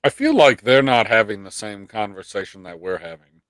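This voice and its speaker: A man's voice: on the low side, animated, normal speed, a bit bright, dry recording, rough recording. A man hosting a live pop culture stream, ranting in casual chat with swearing and mock quotes.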